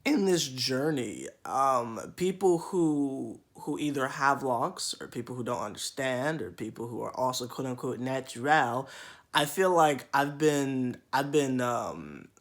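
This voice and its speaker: A man's voice: mid-range voice, lively intonation, unhurried. Young man rambling casually to camera. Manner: rambling, with repeated restarts and mocking quoted voices. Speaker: vlogger.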